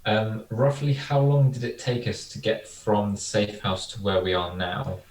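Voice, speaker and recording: A man's voice: fairly low pitch, little pitch movement, measured pace, roomy sound, far from the mic, over a noisy crowd. A man taking part as a player in a tabletop role-playing game, asking questions politely and casually. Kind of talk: casual chat.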